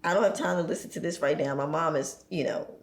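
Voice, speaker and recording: A woman in a casual podcast conversation, speaking in a reflective, measured way with many fillers. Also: low-pitched. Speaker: podcast guest. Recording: echoey room with faint noise.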